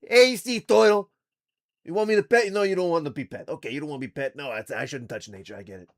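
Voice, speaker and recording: A loud, brassy guy with a thick New York accent, a hot dog vendor who has gone diving, as a man puts him on. He talks high and brash, pushing every line out. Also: fast talker, soft background music, lightly acted.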